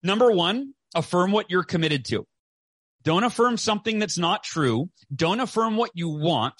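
A man's voice: a little high, a bit bright, no room sound. A man in his forties giving a passionate motivational interview, emphatic, repeating phrases and often asking "right?". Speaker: podcast guest, author and speaker.

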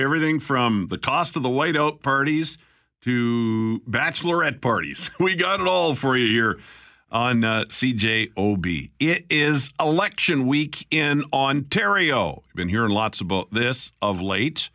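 A male radio host talks in a chatty, lively way, with his pitch moving a lot. His voice is bright and forward. The studio sound is dry and close. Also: dry recording. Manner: lively, chatty, quick to laugh. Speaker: radio talk show host. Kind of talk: talk radio hosting.

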